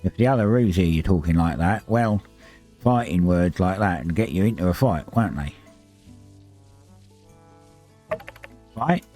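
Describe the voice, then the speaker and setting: A man's voice: lowish voice, expressive, unhurried, darkish tone. A man voicing a brash male talking kangaroo in a put-on Australian accent, full of slang and mock-tough taunts, with music behind. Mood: taunting. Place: home streaming setup.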